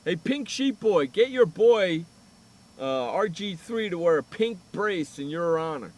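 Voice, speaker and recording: A man with a high, bouncy voice that swings all over its range, jabbing at his co-host in loose sports radio banter. He is loud and teasing, repeats his lines for effect and throws in mild swearing. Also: lively intonation, a little slow.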